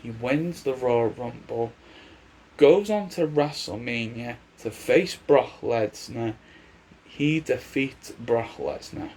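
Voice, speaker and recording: Slow-talking man rambling about wrestling. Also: mid-range voice, a little mellow, a little hiss or hum. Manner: rambling, chatty, restarts his sentences. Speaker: wrestling commentator. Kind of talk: casual predictions vlog.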